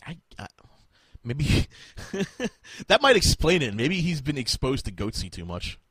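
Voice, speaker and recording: A man ranting on a podcast, cursing constantly and sounding fed up. His voice is husky and swings wildly in pitch, and the recording is dry and close. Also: wildly swooping pitch, a little slow, a bit bright, no echo. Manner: profane, exasperated ranting. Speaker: podcast host. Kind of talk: casual podcast chat.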